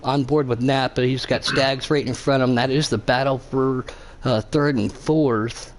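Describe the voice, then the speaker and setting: A man's voice: medium pitch, fairly even intonation, normal speed, slight background noise. A man commentating an online racing league, calling onboard cameras and reading out viewer chat. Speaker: race commentator.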